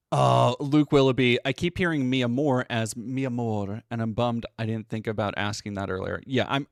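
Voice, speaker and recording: A man's voice: medium pitch, fairly bright tone, no room sound, studio quality. A man hosting a casual reaction stream, sarcastic and swearing, reading chat aloud. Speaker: stream host.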